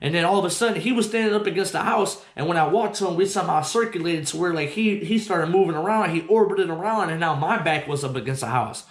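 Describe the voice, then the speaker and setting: A man hosting his own show, telling a personal story in a profane, slangy, animated way. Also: sits high, fast talker, hardly any pauses. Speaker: host. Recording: roomy echo.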